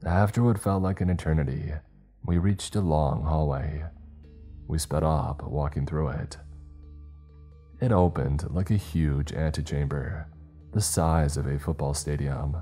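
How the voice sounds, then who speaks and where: A man delivers a scripted horror tale slowly and deliberately, his voice extremely low, dark, mellow and heavy, and steady in tone. Quiet, faint music sits behind him.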